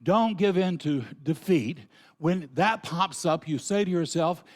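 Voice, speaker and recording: A middle-aged Southern man preaching in an easy, folksy way, earnest and chatty. His voice sits a little above the usual male pitch, and he talks the way a minister does from the pulpit. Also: unhurried. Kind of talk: sermon.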